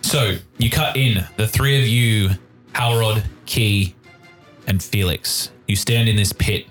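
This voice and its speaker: A man narrating a tabletop game as game master, describing scenes in a deliberate way. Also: fairly low pitch, a bit bright, faint music behind.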